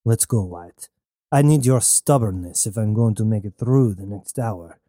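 A man's voice: fairly low pitch, normal speed, dark tone, no room sound, studio quality, close to an everyday voice. Man playing a stern, curt starship captain. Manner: commanding, curt.

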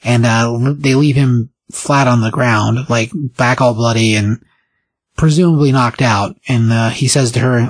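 A man hosting a casual podcast recaps a comic book in a rambling, animated way, quoting character lines. His husky, slightly breathy voice sits at a middling pitch and moves at a measured pace, recorded dry and close with no room echo.

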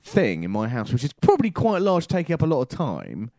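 Bloke, podcast co-host, animated ranting delivery, dry close sound. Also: male voice, a little high, fairly quick, dry recording. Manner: ranting, swears, self-correcting. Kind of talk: casual chat.

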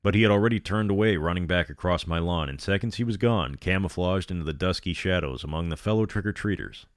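A man's voice: sits low, quick pace, dry recording, clean studio sound. A man narrating a horror story aloud, with sardonic asides between passages.

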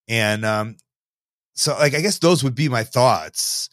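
A man's voice: mid-range voice, slow pace, a bit bright, no echo. A man from Illinois talks as a podcast guest, rambling and reflective with a wry edge. His voice sits in a middle register. It is recorded close and dry, with no room sound. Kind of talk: casual podcast chat.

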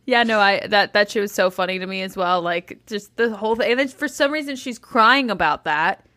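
A woman's voice: medium pitch, fairly quick, pushed and bright, no echo. A woman co-hosting a casual recap podcast, incredulous and laughing, swearing casually. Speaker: podcast co-host.

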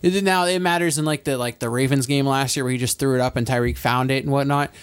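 A man's voice: mid-range voice, fairly even intonation, fast, clear, resonant tone. A young man in casual sports chat, telling a long rambling story with frequent laughs and swearing. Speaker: podcast co-host.

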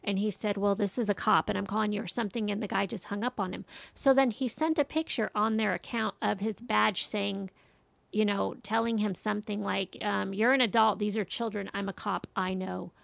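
A woman's voice: medium pitch, a little fast, gravelly, no room sound. A middle-aged woman, a mother, telling a story in casual chat and acting out what others said. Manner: animated storytelling, quoting others.

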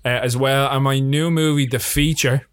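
A man's voice: mid-range voice, moderate pace, smooth. Irish man telling stories, swearing freely. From Ireland. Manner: swears freely, animated storytelling. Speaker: guest filmmaker. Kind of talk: casual chat.

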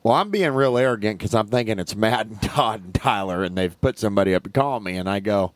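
Low-voiced man with wry humor. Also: expressive, quick pace, few pauses, no room sound. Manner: dry, wry storyteller. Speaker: podcast co-host. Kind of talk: casual storytelling chat.

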